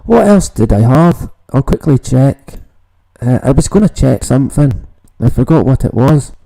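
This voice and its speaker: A man's voice: mid-range voice, big pitch swings, moderate pace, vocal fry, mellow, poor audio. A man hosting a casual late-night livestream, rambling, swearing and greeting viewers in the chat. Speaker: livestream host.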